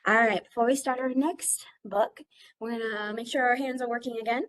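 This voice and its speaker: A woman's voice: fairly high pitch, steady tone, a little fast, a bit bright, poor audio. A young woman working as a children's librarian, reading a picture book aloud and asking the children questions in a sing-song way.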